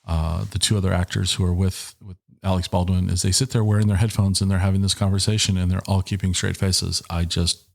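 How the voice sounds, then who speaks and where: Speaking fairly quickly with barely a pause, this low-voiced podcast host has vocal fry and a flat delivery. He's a middle-aged Washington State man in a small office, using a headset and studio microphone. He rambles, cracks jokes, and cuts himself off to restart.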